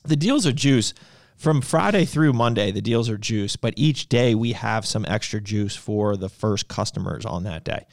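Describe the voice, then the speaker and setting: A man's voice: lowish voice, expressive, moderate pace, creaky, no echo. Rambling man on a dry close mic. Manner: rambling, loose, self-correcting. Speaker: podcast co-host and supplement brand owner. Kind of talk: casual livestream chat.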